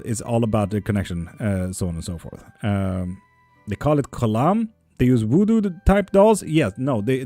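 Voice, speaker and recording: A man's voice: fairly low pitch, warm tone, no room sound. A man hosting a live tarot stream, chatting casually with viewers and reading their comments. He talks in a joking, rambling way and swears freely.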